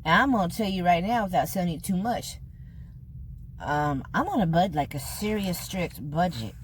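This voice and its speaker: Brief: older Californian woman vlogging at home, earnest and slangy, lowish voice, faint room hum. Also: expressive, normal speed. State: choked up. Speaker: food vlogger. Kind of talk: casual heartfelt talk to camera.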